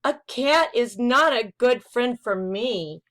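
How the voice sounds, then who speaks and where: A small, lonely puppy hunts for a friend in a children's storybook, read out by a woman. The voice is eager and hopeful. It moves at a slow, easy storytime pace. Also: fairly high pitch, expressive, fairly bright tone, voice pushed up. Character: lonely little female puppy looking for a friend. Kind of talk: children's picture-book read-aloud.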